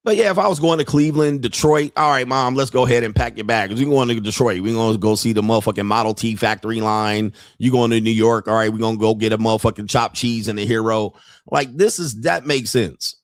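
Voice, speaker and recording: A man hosting a podcast, telling a story in a profane, animated way with frequent laughter. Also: mid-range voice, a little fast, no echo, studio quality. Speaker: podcast host. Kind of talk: casual monologue.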